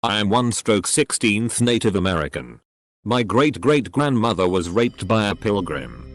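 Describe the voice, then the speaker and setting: Guy reading reddit posts out loud, lowish voice, bouncy intonation, says the punctuation too. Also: very animated, normal speed. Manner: reads punctuation marks aloud. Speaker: narrator reading forum posts. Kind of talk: reading forum posts aloud. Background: faint background music.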